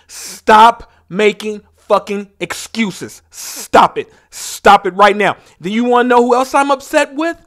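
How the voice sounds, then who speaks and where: Fired-up man with a high voice. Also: unhurried. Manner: fired-up, preaching, repeats lines for emphasis. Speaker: show host. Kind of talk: impassioned spoken monologue.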